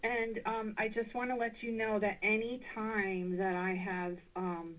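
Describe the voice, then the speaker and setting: A woman calling in to a radio show, speaking emotionally and gratefully with many hesitant pauses. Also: medium pitch, little pitch movement, fairly bright tone. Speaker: caller. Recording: dull, distant phone line.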